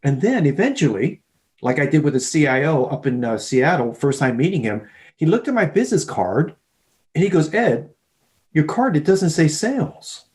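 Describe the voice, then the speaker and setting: Man telling animated sales stories. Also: mid-range voice, a little fast. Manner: animated storyteller, acts out both sides of dialogues. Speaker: podcast guest, sales leader. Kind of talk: storytelling in a podcast interview.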